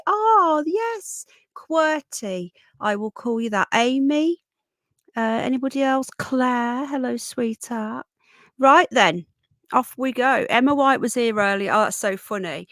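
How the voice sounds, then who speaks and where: A woman's voice: on the high side, fairly bright tone, no echo. A woman hosting a casual livestream, chatting and greeting viewers by name with a runny nose, a bit unwell. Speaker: livestream host. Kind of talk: casual live chat.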